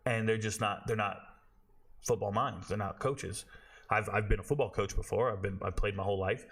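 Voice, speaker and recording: A man's voice: lowish voice, steady tone, moderate pace, a bit bright, slightly rough. A man in his forties hosting a sports show, ranting bluntly in casual talk and swearing freely. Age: 40s.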